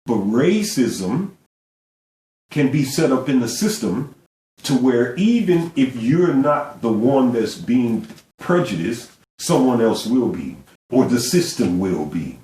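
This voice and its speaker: A man speaks in a casual discussion, calm and deliberate in the way he makes his points. His pitch moves a lot within each phrase. The recording has a roomy echo.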